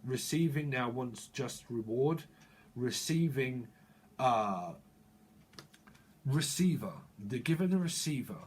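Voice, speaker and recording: A man's voice: mid-range voice, animated, slow, long pauses, slight background noise. A man giving a tarot reading, free-associating through wordplay and chuckling as he goes. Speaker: tarot reader.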